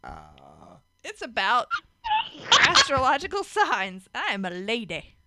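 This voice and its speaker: A woman's voice: a little high, wildly swooping pitch, slow, heavy background noise. A woman co-hosting a casual podcast chat, talkative, laughing often and swearing offhandedly. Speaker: podcast co-host.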